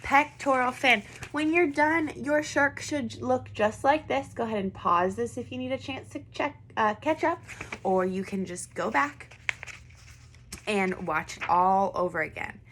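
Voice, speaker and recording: A woman's voice: on the high side, measured pace, fairly bright tone, a little hiss or hum. A woman teaching a first grade video lesson, patiently asking questions and having children repeat words after her. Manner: patient, encouraging, asks questions and has kids repeat. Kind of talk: online classroom lesson.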